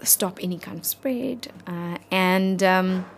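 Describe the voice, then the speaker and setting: A South African woman in her thirties, an interview guest telling a personal story in an earnest, halting, heartfelt way. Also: fairly low pitch, vocal fry, a little hiss or hum.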